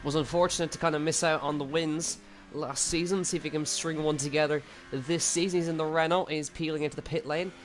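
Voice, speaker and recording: A man's voice: fairly high pitch, steady tone, a little fast, faint music behind. A man co-commenting on an esports racing qualifying session in a casual, chatty way. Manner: casual, chatty, filler-heavy. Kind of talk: live sim racing commentary.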